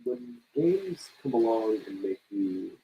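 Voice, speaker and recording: A man co-hosting a casual video game podcast who makes dry jokes and voices excited what-ifs. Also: lowish voice, normal speed, lo-fi sound. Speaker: podcast co-host. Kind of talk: casual chat about video games.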